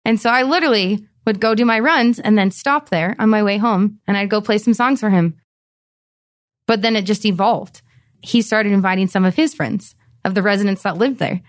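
A young woman telling a story in an interview, lively and animated, acting out the voices of the people she quotes. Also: medium pitch, moderate pace. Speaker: pianist and volunteer.

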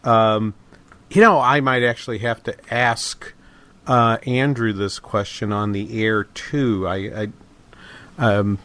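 A man's voice: fairly low pitch, steady tone, slow pace, a bit bright, dry recording. A middle-aged man hosting a talk radio show, speaking casually with many fillers, restarts and false starts.

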